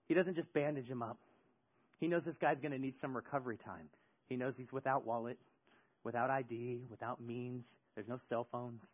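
A man preaching a sermon, moving from hushed storytelling to loud, emphatic preaching, with joking asides. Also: mid-range voice, breathy edge, muffled recording. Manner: joking, self-deprecating asides. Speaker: pastor.

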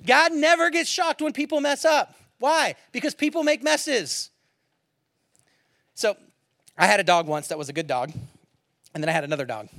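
A man with a bright, fairly high voice delivers a sermon with lively storytelling, pushing certain points out loudly and dropping others almost to a hush. The sound is dry and close to the mic. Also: normal speed, long pauses, no echo. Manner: animated storytelling, swings from loud to quiet. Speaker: pastor.

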